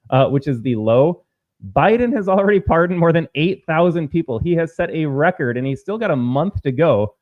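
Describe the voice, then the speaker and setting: Man, political host, slightly high voice, combative rant, sarcastic, thin phone-like sound. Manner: combative, sarcastic, mocks opponents in put-on quotes. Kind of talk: opinion commentary.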